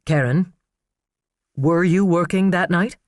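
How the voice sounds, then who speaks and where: A man voicing a calm, persistent male defense lawyer who questions in a measured, prodding way. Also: sits high, no room sound, studio quality. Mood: coaxing.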